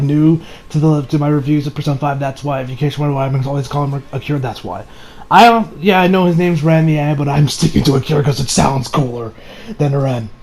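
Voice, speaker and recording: A man's voice: a little high, darkish tone. A young man reviewing an anime episode in a casual, rambling way, with many fillers and frequent laughter.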